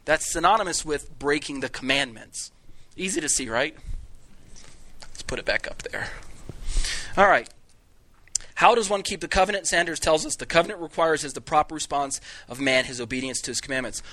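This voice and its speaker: Male Bible teacher, lecturing a live class, conversational and jokey, bright tone. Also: on the high side, moderate pace, pauses often. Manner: conversational, jokey, with many restarts.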